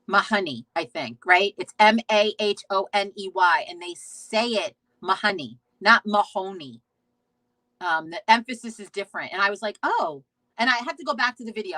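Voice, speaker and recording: Bright-voiced woman rambling on a stream. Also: mid-range voice, a little fast, no room sound, rough recording. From United States. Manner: rambling, chatty, swears freely, lots of restarts. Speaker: host of a witchcraft talk stream. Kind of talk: casual live-stream chat, reading viewer comments.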